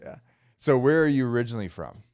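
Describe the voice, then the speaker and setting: A man's voice: medium pitch, sing-song, quick pace, darkish tone, no echo. A man hosting a podcast, talking in a loose, casual way with swearing and "bro.". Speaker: podcast host. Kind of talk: casual interview chat.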